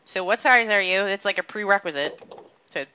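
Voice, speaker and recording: A woman's voice: medium pitch, brisk, pushed and bright, smooth, dry recording, muffled recording. A woman hosting a call-in chat, brash and joking with lots of swearing. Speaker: host. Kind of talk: casual podcast chat.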